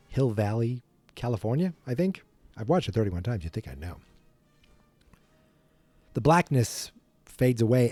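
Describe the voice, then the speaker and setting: A man's voice: medium pitch, warm tone, no echo. A man hosting a podcast, casually retelling a film from memory in a rambling, self-deprecating way. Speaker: podcast host.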